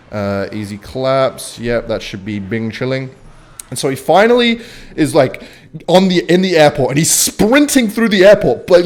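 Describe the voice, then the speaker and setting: A young man from Western Australia telling a rambling, swear-filled story while playing a game, muttering quietly about his moves. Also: a little high. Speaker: gaming streamer.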